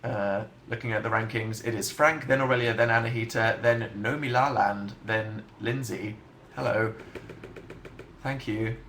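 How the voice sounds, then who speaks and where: A man's voice: fairly low pitch, steady tone, measured pace, fairly bright tone, a little hiss or hum. Dry, chatty young man in an echoey room. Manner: chatty, dry and self-mocking, hums to himself. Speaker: livestream host. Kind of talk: casual livestream chat reading viewer comments.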